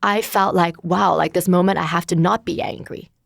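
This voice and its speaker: A woman's voice: fairly low pitch, normal speed, creaky, no echo. A woman in her thirties, a guest in an interview, talking candidly and searchingly about her life with many filler words. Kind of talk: reflective personal conversation.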